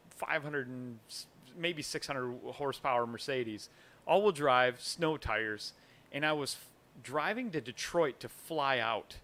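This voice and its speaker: A man chatting as a guest on a live show, telling stories with enthusiasm. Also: a little high. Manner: animated storyteller, enthusiastic. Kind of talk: casual chat.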